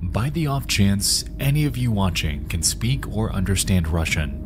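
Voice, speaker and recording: A man giving a measured, ominous scripted narration for an internet mystery video. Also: on the low side, sing-song, noisy background.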